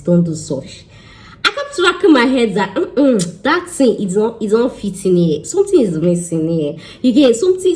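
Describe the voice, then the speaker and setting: A woman's voice: fairly low pitch, dark tone, low-quality recording. A young woman with a Nigerian accent, an immigration consultant talking casually and emphatically to her followers, slipping in Yoruba phrases. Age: young adult.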